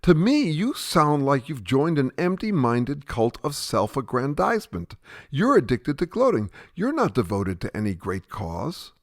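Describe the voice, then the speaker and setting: A man's voice: fairly high pitch, sing-song, measured pace, full character voice. A man playing an earnest questioner in a satirical sketch dialogue, pressing with incredulous, patient questions. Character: earnest male questioner who can't keep up.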